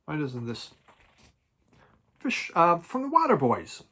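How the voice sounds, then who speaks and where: A man chatting casually about his record collection at home, halting and restarting often and chuckling now and then. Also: a little high, wildly swooping pitch, bright, forceful tone, husky. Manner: halting, many restarts and repeated words. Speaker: vinyl record collecting vlogger. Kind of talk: casual rambling chat.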